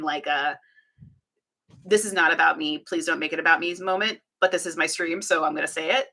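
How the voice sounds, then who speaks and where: Bright-voiced chatty woman streamer. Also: low voice. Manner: chatty and self-deprecating, laughs often, sarcastic asides. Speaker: streamer hosting a live chat. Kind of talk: casual live-stream chat.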